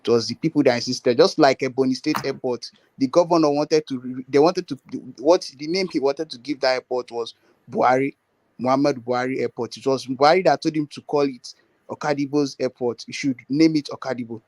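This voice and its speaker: A man's voice: medium pitch, fairly quick, no room sound. A man earnestly making his case in a political discussion, repeating words and using many fillers.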